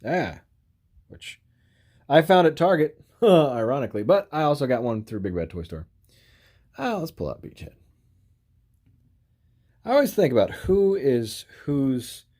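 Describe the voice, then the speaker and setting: A man reviews action figures for his channel in a casual toy vlog, speaking in a medium-pitched, sing-song, slightly mellow voice at a measured pace with long pauses. He rambles with plenty of fillers, says "you know" often, and chuckles now and then while handling the figures.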